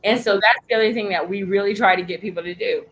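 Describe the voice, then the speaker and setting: Woman, sales coach, animated, emphatic, blunt, medium pitch. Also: fast, poor audio. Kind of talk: coaching talk.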